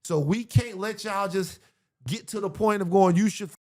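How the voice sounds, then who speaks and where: A man's voice: high voice, normal speed. A man talking as a guest in a casual chat, emphatic and slangy, with lots of restarts.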